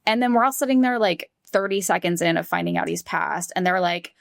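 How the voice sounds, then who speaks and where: Gravelly-voiced woman telling a painful story. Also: on the low side, no room sound, studio quality. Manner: halting, heavy use of "like", acts out quoted voices. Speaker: podcast guest. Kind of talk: emotional conversational storytelling.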